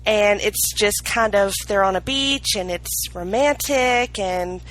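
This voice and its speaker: A woman's voice: medium pitch, slow, a bit bright, rough recording. A woman co-hosting a podcast, rambling hesitantly with many fillers. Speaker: podcast co-host.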